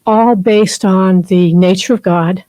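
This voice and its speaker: A woman's voice: mid-range voice, fairly even intonation, slow pace, dark tone, dry recording, low-quality recording. Heartfelt woman giving a rambling spiritual talk. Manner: heartfelt, rambling storytelling with many fillers. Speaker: guest speaker, therapist and spiritual teacher. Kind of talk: personal spiritual talk to a group. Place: chapel.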